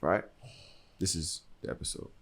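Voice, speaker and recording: A young man hosting a podcast, telling a story in casual chat, profane and acting out the voices of the people in it. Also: moderate pace. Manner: animated, profane, swings into loud acted-out quotes. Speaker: podcast host.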